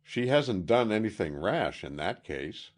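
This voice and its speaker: A man reading an audiobook, voicing a blunt, excitable teenage boy detective in a raised voice. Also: lowish voice, measured pace, voice pushed up. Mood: eager. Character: eager streetwise teen boy detective.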